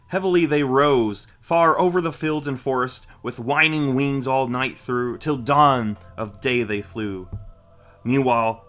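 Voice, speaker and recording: A man reading a rhyming children's book aloud with a rhythmic, expressive delivery. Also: medium pitch. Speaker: storyteller.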